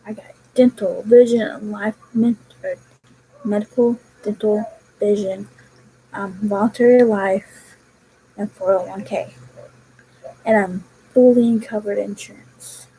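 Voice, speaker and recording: A woman's voice: medium pitch, fairly even intonation, unhurried, long pauses, warm tone, a little hiss or hum, poor audio. A young woman chatting casually on her vlog, telling a rambling story about her work. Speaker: vlogger. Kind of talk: casual chat.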